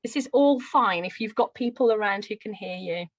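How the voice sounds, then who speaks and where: A woman's voice: mid-range voice, animated, moderate pace, no echo, poor audio. A woman from Birmingham with a Brummie accent, explaining a pronunciation drill in a friendly teaching manner. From Birmingham, England. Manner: friendly, explanatory, with light laughs. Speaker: teacher trainer. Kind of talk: live teacher-training lesson.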